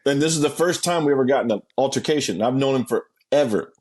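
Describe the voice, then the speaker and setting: Appearing as a guest in a casual interview, a man tells a story, acting out quotes with sudden pitch jumps, swearing freely and laughing along the way. He talks fast in a darkish, slightly rough tone.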